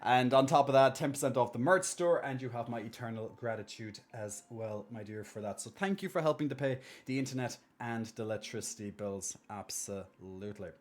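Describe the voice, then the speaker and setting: A man's voice: mid-range voice, fairly quick, few pauses. A man live-streaming, chatting casually and reassuring viewers as he reads their messages and thanks subscribers.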